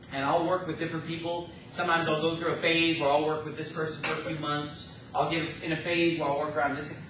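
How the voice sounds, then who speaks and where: A man preaching a sermon with a high, sharp, bright voice that swells and drops in force. He is picked up from far off, with heavy echo filling the church room. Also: slight background noise. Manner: emphatic preaching, rising and falling in force. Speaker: pastor. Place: church sanctuary.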